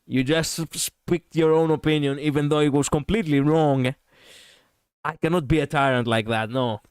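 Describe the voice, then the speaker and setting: Male streamer, excitable and profane, smooth clear voice, dry close mic. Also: a little high, moderate pace, no echo. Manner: excitable, profane, ranting with laughs. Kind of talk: casual gameplay commentary.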